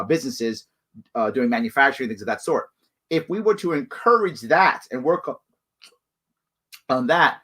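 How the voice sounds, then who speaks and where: A man hosting a live show, answering viewer questions in emphatic, repetitive bursts. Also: on the high side. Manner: emphatic, animated, repeats points for stress. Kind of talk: live call-in style solo talk.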